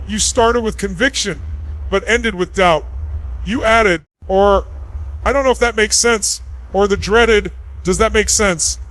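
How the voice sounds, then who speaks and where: High-voiced man giving an emphatic motivational speech. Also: a bit bright, poor audio. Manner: emphatic, punchy short phrases. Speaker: motivational speaker.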